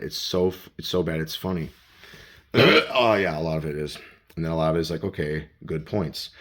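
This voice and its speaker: A man vlogging as he walks around his home, rambling and swearing as he talks to himself in the second person. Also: deep voice. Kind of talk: rambling self-talk vlog. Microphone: handheld phone.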